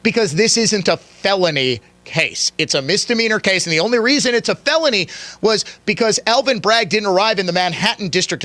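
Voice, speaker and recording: A man's voice: high voice, pushed and bright, no room sound. A man hosting a radio talk show, delivering a heated, combative political monologue. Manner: fiery, combative, challenging the listener.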